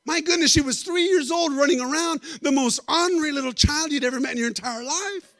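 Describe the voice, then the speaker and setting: A middle-aged man preaching a sermon, telling animated stories and joking with the congregation. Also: extremely high pitch, a little fast, no echo. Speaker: guest preacher. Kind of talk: storytelling sermon.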